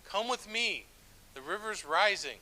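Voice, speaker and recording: An urgent male rescuer calls out and pleads with real force, acted by a man mid-sermon. The tone is bright and forceful, pitched a touch high. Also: expressive, unhurried, slight background noise, full character voice.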